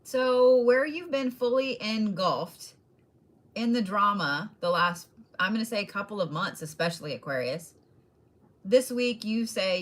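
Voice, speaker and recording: A woman's voice: medium pitch, lively intonation, a little slow. A woman giving casual, blunt zodiac readings straight to each sign, swearing freely and laughing often. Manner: direct address to each sign. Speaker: tarot and astrology reader.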